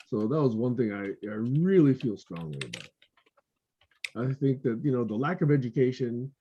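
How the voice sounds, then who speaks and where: A man's voice: mid-range voice, mellow, slightly rough, highs cut off. A man speaking earnestly in a casual group video call, sharing his opinions and telling a fable. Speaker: discussion group member.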